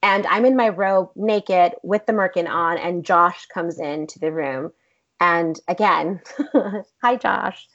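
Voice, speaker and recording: A woman and actress, the guest in an interview, telling a story in a blunt, profane, animated way. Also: on the low side, slow pace. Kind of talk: casual storytelling. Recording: dull lo-fi recording.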